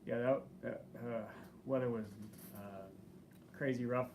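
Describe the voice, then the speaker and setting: A man with a gravelly voice co-hosting a live stream, chatting in a laid-back, halting way. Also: mid-range voice, steady tone, a little mellow, a little hiss or hum. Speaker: channel co-host. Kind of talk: casual live-stream chat.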